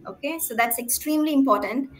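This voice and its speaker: A woman's voice: high-pitched, quick pace, slight background noise. A woman speech therapist giving an emphatic talk to parents, often checking in with "right?" and asking the audience questions. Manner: clear, emphatic teaching with frequent "right?" check-ins.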